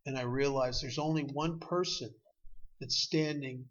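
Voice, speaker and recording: A man, speaking at a recovery meeting and telling a personal story with emotion, his voice swinging from loud to hushed. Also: medium pitch, fairly even intonation, a little slow, muffled recording. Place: meeting room.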